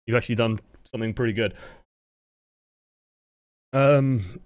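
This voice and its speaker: A man coaching a player through a recorded match, relaxed and rambling with frequent fillers and self-corrections. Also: medium pitch, unhurried, no echo, clean studio sound. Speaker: game coach. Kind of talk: casual gameplay review commentary.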